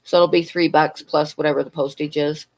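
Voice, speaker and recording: A middle-aged woman with a fairly low voice chats casually on a livestream. She wanders through a long personal story and stops to greet viewers and answer their questions. Her talk is loose and full of asides. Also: level tone, a little fast, creaky, a little mellow. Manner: rambling storytelling, answers chat between stories. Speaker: livestream host.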